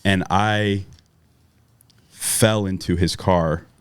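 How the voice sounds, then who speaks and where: A man with a very low, deep voice spins a profanity-laced story in casual chat. He jumps into loud, animated quotes of people as he goes. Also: extremely slow, clean tone. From Southern California. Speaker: podcast guest.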